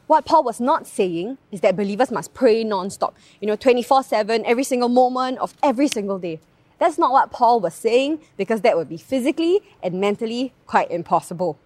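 A young Singaporean woman with a Singaporean English accent giving a devotional talk, telling a personal story in a chatty, animated way with lots of tag questions. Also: a little high, dry recording.

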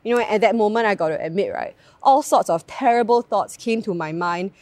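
In a brisk, medium-pitched voice, a young Singaporean woman gives a devotional talk in her Singaporean English accent. She tells a personal story in a lively, conversational way, using many tag questions. The recording has no echo.

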